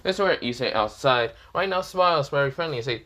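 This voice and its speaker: A man's voice: medium pitch, lively intonation, fairly quick, sharp tone. A man improvising a fan fiction story in a rambling, crude, casual way.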